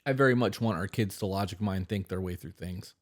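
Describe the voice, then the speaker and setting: A man's voice: sits low, brisk. A man co-hosting an advice podcast, talking bluntly and swearing freely in casual chat. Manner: blunt, profane, emphatic. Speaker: podcast co-host.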